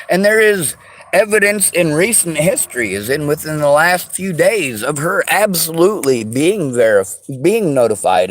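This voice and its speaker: Man, high-pitched voice, furious profane rant, accusing, faint background noise. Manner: bitter, profane, accusing, often shouting. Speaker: vlogger. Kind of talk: angry personal rant to camera.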